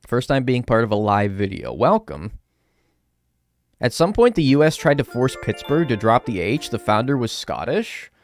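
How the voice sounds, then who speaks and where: Young man, streamer, sarcastic and swearing, very animated pitch, faint music under him. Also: normal speed, no echo. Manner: chatty, sarcastic, swears, reads chat aloud. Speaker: live streamer. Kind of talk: casual live-stream chat while gaming.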